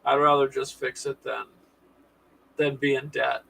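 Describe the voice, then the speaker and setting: A man's voice: medium pitch, little pitch movement, unhurried, creaky, sharp tone, low-quality recording. A man hosting a casual live stream, chatting with viewers in a folksy, sarcastic way.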